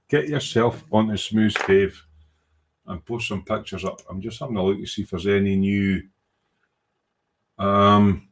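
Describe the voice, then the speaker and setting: This livestream host has a fairly low yet slightly bright voice. A hobby model maker, he reads viewer comments aloud during his casual stream, rambles self-deprecatingly with informal British slang, and hums to himself as he clicks through things.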